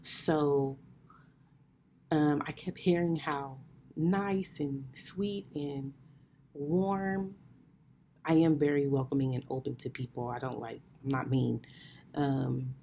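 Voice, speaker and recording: A woman hosting a podcast, telling a personal story in a chatty, animated way, laughing often and calling her listeners y'all. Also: deep voice, slow pace, creaky, long pauses, slight background noise. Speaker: podcast host. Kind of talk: casual storytelling monologue.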